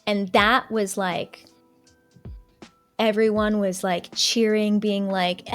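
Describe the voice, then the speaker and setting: A young adult woman streamer telling an excited, gossipy story in casual chat, with lots of "like" between phrases. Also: medium pitch, slow pace, soft background music. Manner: excited, gossipy retelling full of "like".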